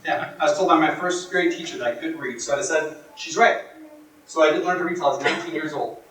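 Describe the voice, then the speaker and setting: A man giving a motivational workshop talk, telling stories in a dramatic, emphatic way that swings from hushed to loud. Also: on the high side, racing, slight background noise. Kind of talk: storytelling speech to a live audience. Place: workshop room. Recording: echoey room from far off.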